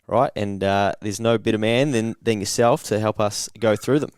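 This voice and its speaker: Upbeat New Zealand podcast host, low voice. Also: male voice, normal speed, smooth, no echo, studio quality. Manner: upbeat, blokey and enthusiastic. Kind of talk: podcast interview.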